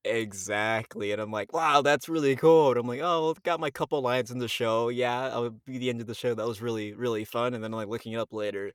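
A man telling a story in a casual, animated way, filling it with "like" and acting out how he reacted. His voice sits at a middle pitch. The sound is dry and close. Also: quick pace, hardly any pauses, clean tone, dry recording. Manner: animated, acts out his past reactions with lots of "like". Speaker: voice actor guest.

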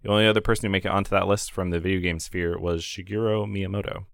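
A man's voice: low-pitched, fairly even intonation, fast, gravelly, a bit bright, no room sound. A man co-hosting a gaming podcast in casual chat, rambling with fillers and laughing often. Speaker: podcast co-host.

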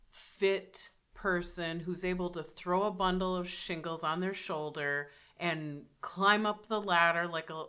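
A woman host with a Minnesota accent keeps the chat going. Her voice sits on the low side and she talks in an animated, conversational way. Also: smooth. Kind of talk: casual chat.

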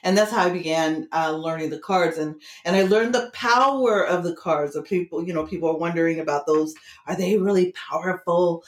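Speaking briskly in a lowish voice, a middle-aged tarot teacher shares a personal anecdote during a relaxed interview, imitating the voices of those she quotes. There's a roomy echo on the audio.

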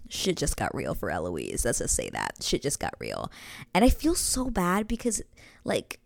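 A woman's voice: rumbling low, wildly swooping pitch, moderate pace, gravelly, no echo. A young woman casually recapping a TV episode, chatty and gushing, sometimes dropping to a whisper. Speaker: show recap host.

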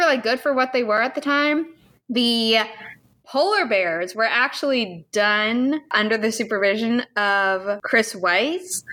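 Bright-voiced woman ranting passionately. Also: on the high side. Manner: passionate, opinionated, animated rants. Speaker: podcast co-host. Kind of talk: casual chat.

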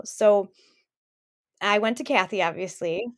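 A woman's voice: medium pitch, measured pace. Woman cohost chatting, open and emotional, just talking it through. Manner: candid, emotional storytelling. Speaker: podcast co-host. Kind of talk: casual chat.

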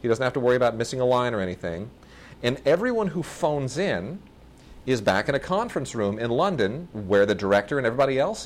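A man hosting a podcast, chatting casually and enthusiastically about films, often restarting his sentences. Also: medium pitch. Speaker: podcast host reviewing films. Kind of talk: casual film review chat.

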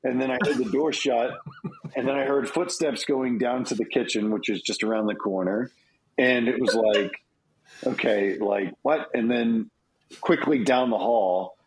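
A man's voice: medium pitch, unhurried, poor audio. A middle-aged man co-hosting a podcast, telling a story in casual chat and acting out the voices of people in it. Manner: animated storyteller, acts out quoted voices. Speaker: podcast co-host.

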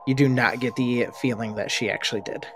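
A man narrating as game master of a tabletop role-play, brisk and casual, swearing offhandedly. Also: mid-range voice, fairly even intonation, soft background music.

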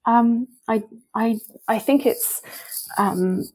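A woman's voice: on the high side, takes it slowly, mellow, husky. A woman, a literary scholar and podcast guest, discussing a poem in a thoughtful, hesitant way with many ums and restarts.

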